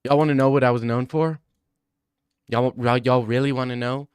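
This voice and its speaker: A young man in his twenties live-streaming, reading viewers' chat aloud and teasing right back. His voice sounds smooth and clean, sitting at an ordinary middle pitch, and the sound is dry and close. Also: fairly even intonation, moderate pace, no room sound. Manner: joking, teasing, bantering with chat. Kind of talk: casual livestream chat.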